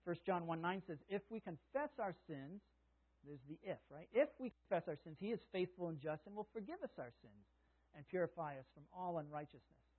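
A man's voice: fairly high pitch, expressive, brisk. A man preaching a sermon, reading scripture aloud and explaining it in a conversational way. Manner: conversational preaching, reads scripture aloud, chuckles at own asides. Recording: tinny phone-like sound.

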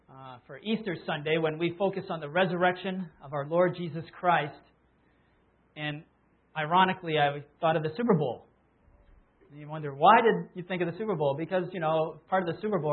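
A man preaching an Easter sermon as pastor, talking casually and retelling a story with little acted-out bits. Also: a little high. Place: church. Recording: phone-like lo-fi sound.

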